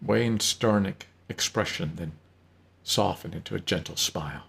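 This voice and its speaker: A man narrating a story in an unhurried reading, with occasional slips. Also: deep voice, gravelly, fairly bright tone.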